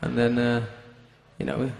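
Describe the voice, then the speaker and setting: A man's voice: medium pitch, completely flat delivery, unhurried, gravelly, darkish tone, a little hiss or hum. A Welsh man, a band frontman, telling a crude, swearing comic story to a concert crowd from a stage microphone. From Wales. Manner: crude, swearing, bawdy anecdote with put-on quoted voices.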